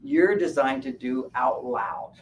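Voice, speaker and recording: Animated man talking from a distance. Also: medium pitch, slow. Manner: animated, laughs at his own points, acts out quotes. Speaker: speaker at a wellness fair. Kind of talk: live talk to an audience. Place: event room at a hotel fair. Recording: distant mic with faint background noise.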